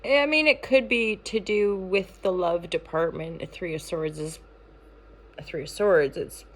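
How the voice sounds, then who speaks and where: A woman's voice: lowish voice, a little slow, slight background noise. A woman giving a casual daily tarot reading, talking in a playful, rambling way with many fillers and restarts. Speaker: tarot reader and channel founder.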